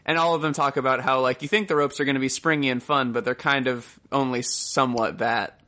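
A man's voice: medium pitch, steady tone, fairly quick, bright, forceful tone. A man co-hosting a podcast in casual chat, joking around and swearing casually. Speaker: podcast co-host.

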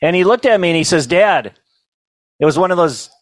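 A middle-aged man telling funny stories at a banquet, in a folksy, self-amused way with quick asides to the crowd. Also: sits high, animated, no echo, low-quality recording. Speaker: banquet storyteller and comedian. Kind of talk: humorous storytelling to a live audience.

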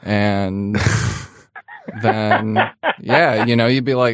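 A man's voice: fairly low pitch, takes it slowly, no echo, studio quality. A man chatting casually and joking on a podcast, rambling loosely with lots of fillers. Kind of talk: casual chat.

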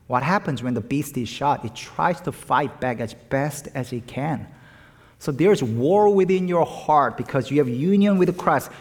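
Male pastor, mid-pitched voice, emphatic sermon delivery, non-native English phrasing, long reverb from a church hall. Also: darkish tone. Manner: emphatic preaching with rising and falling stresses. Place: church sanctuary.

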